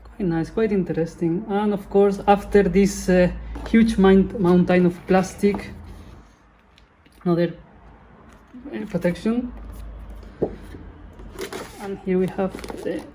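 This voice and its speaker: A woman's voice: mid-range voice, steady tone, slow pace, pauses often, mellow, slight background noise. A woman hosting her channel, giving casual unboxing commentary in a chatty way and often correcting herself. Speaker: channel host.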